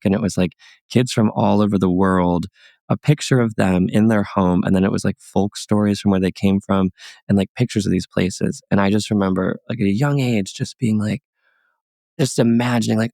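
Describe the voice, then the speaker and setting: A man's voice: low voice, gravelly, no room sound, clean studio sound. A man from Chicago, a comedian guest, telling a story casually and animatedly with lots of "like". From Chicago, United States. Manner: animated, filler-heavy with many "like"s.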